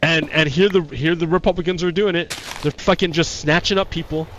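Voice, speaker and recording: A man's voice: fairly high pitch, fairly even intonation, brisk, a bit bright, muffled recording, a little hiss or hum. A man talking casually on a livestream, heated and profane, often repeating himself. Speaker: streamer.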